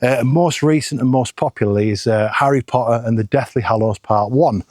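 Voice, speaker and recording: A man's voice: medium pitch, fairly quick, darkish tone, no room sound, clean studio sound. Chatty middle-aged man outdoors. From England. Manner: chatty, self-deprecating, jokey. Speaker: photography vlogger. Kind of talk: casual outdoor vlog. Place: outdoors on limestone hillside.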